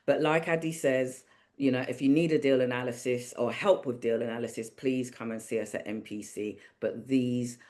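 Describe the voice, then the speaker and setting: A woman's voice: rumbling low, fairly even intonation, moderate pace, a little mellow. A woman hosting a property Q&A clinic over a video call, talking casually and upbeat, reassuring her audience. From Caribbean.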